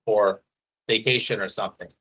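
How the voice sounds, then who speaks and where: A man telling a story in casual chat, animated and profane, slipping into quoted voices. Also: lowish voice, moderate pace, husky. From a foreigner living in Thailand.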